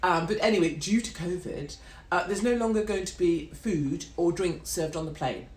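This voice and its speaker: A middle-aged woman from Britain, speaking in a lowish voice and a little fast, delivers a sarcastic, sweary, brash monologue on a live stream. Her rant is recorded with a roomy echo.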